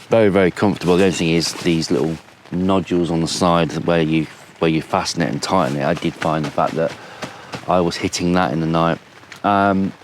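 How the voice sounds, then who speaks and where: Tired low-voiced man in a tent. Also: a little hiss or hum. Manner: rambling, easygoing, many fillers. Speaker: camping vlogger. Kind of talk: casual vlog chat to camera. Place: inside a tent at a campsite. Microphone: action camera.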